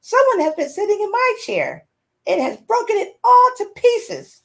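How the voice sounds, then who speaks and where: A tiny, whiny bear cub in a storybook, as a woman puts him on. The voice is pitched far above her own and goes up and down a lot, squeaky and upset. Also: huge pitch swings, moderate pace, heavily acted. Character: small young male bear cub, whiny.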